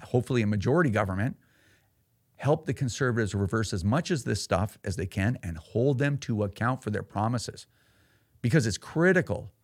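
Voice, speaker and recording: A man's voice: mid-range voice, creaky, no echo, clean studio sound. A man hosting a political podcast, heated and sarcastic, rambling with frequent restarts. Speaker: podcast host.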